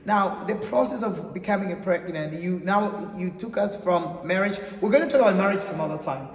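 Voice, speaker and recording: A man's voice: sits high, brisk, distant mic. A man hosting a casual interview, rambling and repeating words, laughing often. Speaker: host. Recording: echoey room with long reverb, off-mic.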